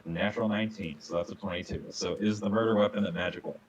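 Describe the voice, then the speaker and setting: A man with a very deep voice plays in a tabletop game, asking brief questions and announcing his rolls. A faint hiss of background noise sits under his voice. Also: steady tone, quick pace, muffled recording. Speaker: player.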